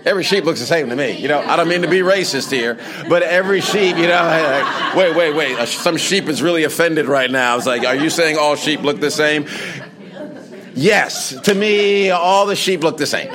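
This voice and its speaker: A man's voice: a little high, moderate pace, hardly any pauses. A male pastor giving a conversational sermon that builds to emphatic preaching before a congregation. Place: large hall with a congregation. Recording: crowd audible in a large hall. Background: congregation responding.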